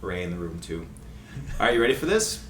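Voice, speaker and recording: A man's voice: deep voice, very animated, fast talker. A man co-hosting a soccer podcast in a casual, chatty way, laughing often. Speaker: podcast co-host. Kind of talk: casual chat. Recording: roomy echo, distant mic, faint hiss.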